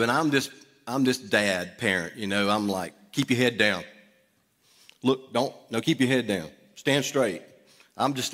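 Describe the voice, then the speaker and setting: A middle-aged man preaching to his congregation, easygoing and conversational as he tells a personal story. His voice sits at an ordinary pitch and rings with a long reverb off the sanctuary walls. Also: fairly bright tone. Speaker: pastor. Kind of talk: storytelling sermon. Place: church sanctuary.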